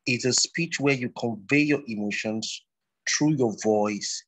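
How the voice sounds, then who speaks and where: A man lectures on public speaking over an online class. His voice is somewhat husky at a middling pitch, and he circles back to repeat his points for emphasis. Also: unhurried, fairly bright tone, poor audio.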